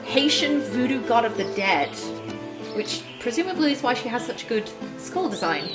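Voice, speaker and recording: A woman's voice: a little high, very animated, normal speed. Chatty woman host, frank asides while playing, game music behind. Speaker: let's play host. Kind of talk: casual game commentary.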